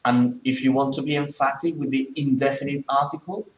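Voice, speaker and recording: A man's voice: mid-range voice, fairly even intonation, brisk, echoey room, lo-fi sound. A man teaching English in a classroom, explaining things step by step and checking in with many okays. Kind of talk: classroom lesson.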